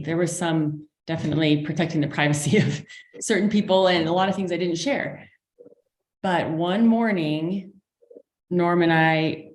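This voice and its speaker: A woman guest telling a personal story candidly, with many pauses and fillers. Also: deep voice, a little mellow. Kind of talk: casual chat. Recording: roomy echo.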